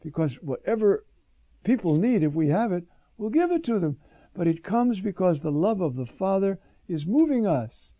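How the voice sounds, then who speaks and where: A man's voice: on the high side, gravelly, dry recording, highs cut off. An older man, a priest preaching a sermon, reflective and storytelling, with sudden emphatic rises.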